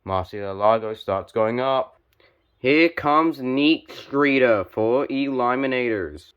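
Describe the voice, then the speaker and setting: There's slight background noise as a young, medium-pitched man narrates a toy car joust play by play. His measured calm breaks into excited bursts on the big hits.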